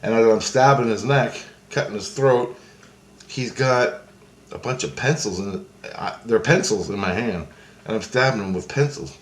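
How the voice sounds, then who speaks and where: Speaking at a moderate pace in a lowish register, this man recounts a dream the way you'd tell it to friends: meandering, sweary, full of false starts and hand-gesture phrasing. There's roomy echo and a bit of faint background ambience.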